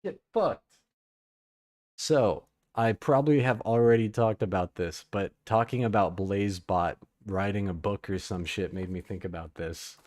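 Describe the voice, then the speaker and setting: A man's voice: fairly low pitch, normal speed, few pauses, darkish tone, dry recording. Guy hosting a live podcast, rambly and sweary, dry close mic. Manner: loose, profane and rambling, reads chat aloud. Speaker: podcast host. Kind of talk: casual live-stream chat.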